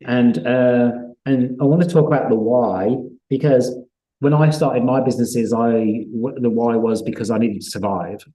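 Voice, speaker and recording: A male interviewer with a warm, relaxed tone leads a live online chat. He talks in a halting way, with many restarts and fillers before each question lands. The recording has a noticeable roomy echo. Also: medium pitch. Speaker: host.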